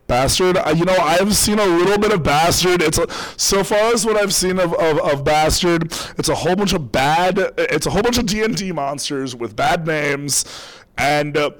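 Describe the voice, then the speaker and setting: A man on a convention panel, rambling casually with restarts and sudden excited outbursts. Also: fairly high pitch.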